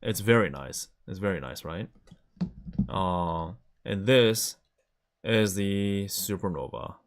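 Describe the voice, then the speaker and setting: Man, casual stream chat, low voice, very lively pitch, eager show-and-tell. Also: takes it slowly. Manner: enthusiastic, shows off items to camera.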